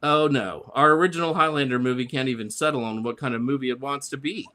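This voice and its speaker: A man's voice: mid-range voice, fast, sharp tone. A man on a discussion panel reading his prepared comic review aloud in a sarcastic, grumbling way.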